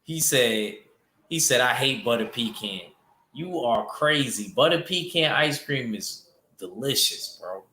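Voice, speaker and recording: A man's voice: mid-range voice, expressive, a little slow, sharp tone, slight background noise. New guy rambling on his boxing stream, reading chat, roomy echo. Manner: loose, rambling, talks back to chat. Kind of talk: casual livestream chat.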